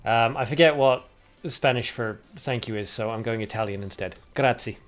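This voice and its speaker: A medium-pitched man at a moderate pace narrates a card game tournament move by move on his livestream. He's jokey and talkative, bantering with chat as he goes. Music can be faintly heard underneath.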